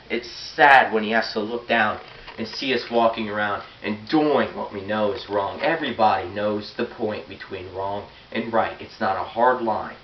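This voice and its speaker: Teenage boy preaching in an echoey hall. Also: lowish voice. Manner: earnest and blunt, reads scripture aloud. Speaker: youth preacher. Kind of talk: sermon. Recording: roomy, dull, hissy, far from the mic.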